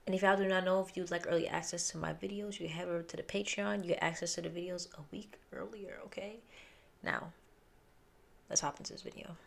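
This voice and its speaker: Lady doing an album reaction, chatty and animated, kinda low voice. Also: fast talker, gravelly. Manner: chatty and animated, swears casually, talks to viewers directly. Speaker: music reaction YouTuber. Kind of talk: casual chat, reacting to an album. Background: faint music from the album.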